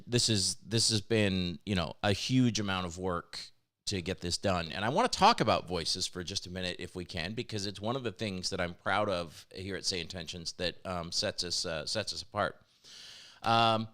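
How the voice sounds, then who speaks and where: A man's voice: lowish voice, a bit bright. A man hosting a weekly developer livestream, talking chattily and enthusiastically in casual announcements, often laughing. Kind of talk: casual live-cast announcements.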